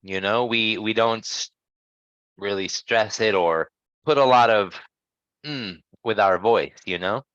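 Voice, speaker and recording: A man leads an English pronunciation class, taking his time over each sound. He checks in with the students often and models words slowly for them to repeat. His voice comes through a little muffled and dry, as if over a basic mic. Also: fairly low pitch, fairly bright tone, smooth, dry recording. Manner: patient, checks in with "okay?" often. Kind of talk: online pronunciation lesson.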